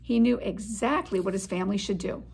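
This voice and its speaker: A middle-aged woman, a head of school, reading a children's chapter book aloud in an expressive storytelling manner. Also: medium pitch, brisk, creaky, a little hiss or hum.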